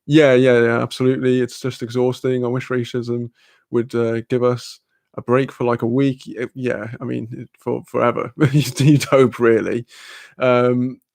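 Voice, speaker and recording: Gravelly young man streaming. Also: mid-range voice, flat delivery, normal speed, a little mellow, no room sound, clean studio sound. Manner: rambling storytelling, frequent swearing and fillers; reads out and answers chat comments. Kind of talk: casual live-stream chat.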